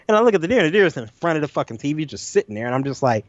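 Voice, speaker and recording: A man co-hosting a podcast, telling a nightmare story in an animated, profane way and acting out his own lines. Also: on the high side, racing, no room sound. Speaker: podcast co-host. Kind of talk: casual storytelling chat. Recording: dull lo-fi audio, dry.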